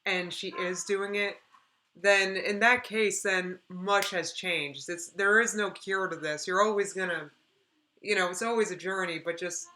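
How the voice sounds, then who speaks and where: A woman's voice: mid-range voice, steady tone, unhurried, bright, forceful tone, slight background noise. A woman commenting casually on a video during a live stream, chatty and supportive. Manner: chatty, supportive, apologetic asides.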